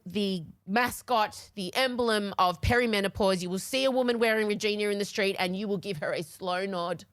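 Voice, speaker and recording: Tearful forties woman, candid podcast co-host, close dry mic, mid pitch. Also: a bit bright, no echo. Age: 40s. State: crying. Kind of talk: casual chat.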